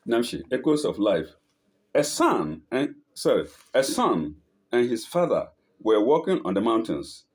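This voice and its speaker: A man hosting a show, reading inspirational pieces aloud slowly, repeating phrases, calling out punctuation and adding delighted asides. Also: medium pitch, wildly swooping pitch, darkish tone. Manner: delighted asides, chuckles at the text.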